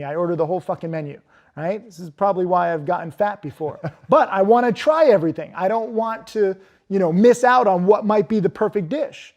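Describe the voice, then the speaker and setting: A man's voice: on the high side, creaky, darkish tone. A man speaking as an interview guest about trading, talking casually with lots of fillers and blunt, profane remarks. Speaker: interview guest, stock trader.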